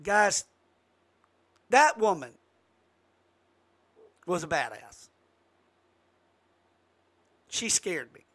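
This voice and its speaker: Host, male, high bright voice, fired-up political rant with loud jumps. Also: very animated, drawn-out words, pauses often. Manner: emphatic, rising to sudden loud outbursts. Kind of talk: impassioned political monologue.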